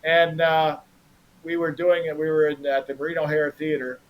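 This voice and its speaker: A man's voice: fairly high pitch, flat delivery, normal speed, poor audio. Easygoing man telling improv stories. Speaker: improv performer, guest. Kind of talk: casual interview chat.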